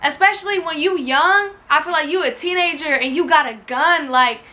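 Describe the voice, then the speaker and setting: High, bright-voiced woman telling a wild story. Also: moderate pace. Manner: animated, slangy, swears freely, acts out quotes. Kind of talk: casual storytime. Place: indoors at home near a window.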